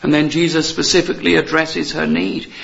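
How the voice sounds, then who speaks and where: A man's voice: fairly high pitch, little pitch movement, a little fast, gravelly, a bit bright, lo-fi sound. A man preaching a sermon in an earnest, emphatic way, repeating key phrases and asking rhetorical questions.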